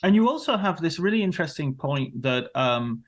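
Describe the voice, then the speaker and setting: Man hosting, halting and hesitant. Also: fairly high pitch, big pitch swings. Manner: halting, searching for words with many fillers. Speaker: podcast host. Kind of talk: conversational interview.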